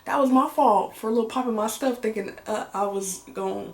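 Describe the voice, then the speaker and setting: A young American woman chatting casually in a get-to-know-me vlog, animated and slangy, laughing as she tells stories. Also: medium pitch, fairly quick. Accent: American English. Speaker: vlogger. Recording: roomy echo.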